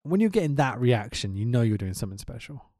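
Podcast guy, super animated voice, laughs a lot, curses, dry close sound. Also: mid-range voice, quick pace, no echo. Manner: animated, laughs often, swears freely. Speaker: podcast co-host. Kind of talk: casual chat.

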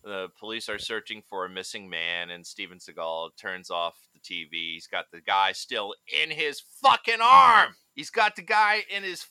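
A man's voice: lowish voice, moderate pace, few pauses, clear, resonant tone, no echo. A man co-hosting a podcast, retelling a cartoon in casual chat and laughing often. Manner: laughs often, animated storytelling. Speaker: podcast co-host.

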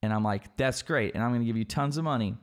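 A man hosting a casual podcast chat about politics, talking in an animated way and mimicking public figures. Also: medium pitch, quick pace. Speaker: podcast host.

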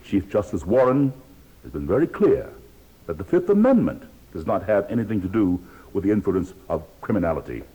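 Man, 50s, from the US, booming defiant witness, very low husky voice. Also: sing-song, brisk, warm tone, muffled recording. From United States. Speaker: witness at a hearing. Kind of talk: archival hearing testimony.

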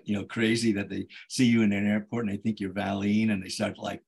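Man in casual chat, husky and raspy, loose rambling delivery. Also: lowish voice, level tone, brisk, a little mellow. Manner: rambling, laughs between phrases. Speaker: co-host.

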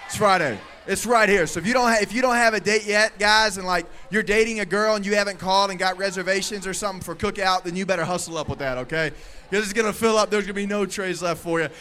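High, bright-voiced energetic youth pastor. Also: male voice, fast talker. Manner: energetic, playful, often calling out loudly to the crowd. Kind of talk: lively youth sermon with crowd interaction. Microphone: handheld microphone.

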